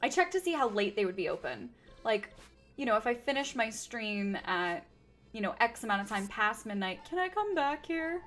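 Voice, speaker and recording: Woman streamer, sore throat, high voice, lively swoops, casual chat with viewers. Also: moderate pace, soft background music. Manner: chatty, greets chat, thinks aloud. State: sore throat, sipping tea. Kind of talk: casual game livestream chat.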